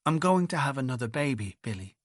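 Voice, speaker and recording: A man's voice: mid-range voice, very animated, quick pace, dry recording, studio quality, natural voice. A man voicing an anxious, tearful young wife who pleads and clings, read as audiobook dialogue. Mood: pleading.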